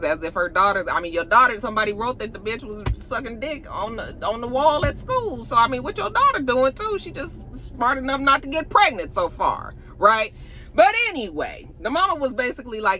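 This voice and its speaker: Blunt, bright-voiced woman recapping a show. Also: fairly high pitch, fairly quick, a little hiss or hum, rough recording. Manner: animated storyteller who acts out the characters' lines; blunt, salty, opinionated asides. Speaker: TV episode reviewer. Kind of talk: casual recap and commentary.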